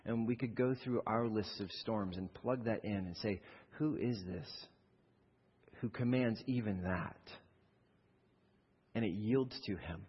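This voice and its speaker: A man preaching a sermon to a congregation, animated, swinging from loud acted-out fears to low, slow reflection. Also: slightly rough. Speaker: pastor. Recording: dull, reverberant hall recording.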